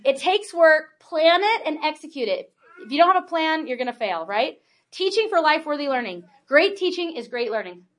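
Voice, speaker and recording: Chatty high-voiced woman lecturing. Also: sing-song, normal speed, fairly bright tone. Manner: chatty, peppered with "like", "right?" and "okay?". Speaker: homeschool presenter. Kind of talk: workshop talk to an audience.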